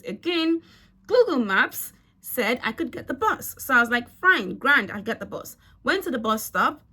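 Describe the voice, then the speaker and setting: A young woman telling a storytime vlog in a chatty, animated way, swearing freely. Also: a little high. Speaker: vlogger. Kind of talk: casual storytime.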